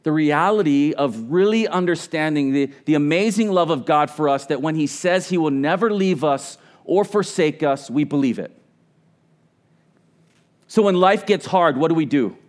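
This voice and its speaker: A man's voice: on the high side, moderate pace. A middle-aged man preaching a sermon as pastor, earnest and conversational, often restarting his words.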